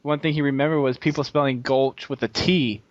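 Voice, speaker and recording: A man's voice: mid-range voice, steady tone, brisk, no echo. A man hosting a gaming podcast, chatty and laughing between remarks. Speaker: podcast host. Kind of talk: casual chat. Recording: dry, dull lo-fi audio.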